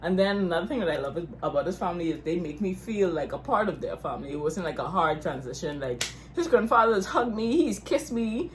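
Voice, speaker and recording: A woman's voice: lowish voice, animated, quick pace, few pauses, a little hiss or hum. A young Bahamian woman co-hosting a couples Q&A, chatting casually and laughing often. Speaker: YouTube couple co-host.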